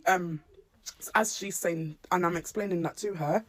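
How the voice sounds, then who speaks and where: Husky woman telling a story. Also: lowish voice, moderate pace, no echo. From England. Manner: animated retelling, acts out the dialogue. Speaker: SEN mum telling her story. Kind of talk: personal story to camera.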